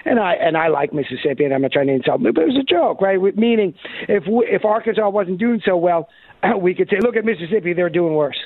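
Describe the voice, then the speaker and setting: A man holding forth on talk radio with emphatic, sarcastic conviction. His voice sits high for a man and the sound is dry, close and thin like a phone line. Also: quick pace, dry recording. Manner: emphatic, sarcastic, animated quoting. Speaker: radio talk show co-host. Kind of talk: opinionated talk radio monologue.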